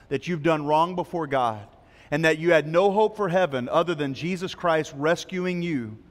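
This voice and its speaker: Man, pastor's sermon, fairly high voice, long church reverb. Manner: storytelling with lively quoted voices. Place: church sanctuary.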